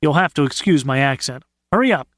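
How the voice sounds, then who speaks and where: A man's voice: on the high side, lively intonation, brisk, a bit bright, dry recording, studio quality. A man voicing a brash, self-assured young man in an audiobook, with wry, cocky asides. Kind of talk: audiobook character voice.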